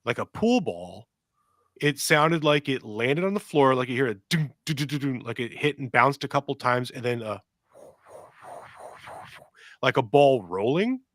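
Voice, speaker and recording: Unhurried and given to long pauses, a middle-aged man with a mid-range voice co-hosts a casual podcast, recorded dry with clean studio sound. He spins long, rambling tales, animatedly acting out quotes and sounds.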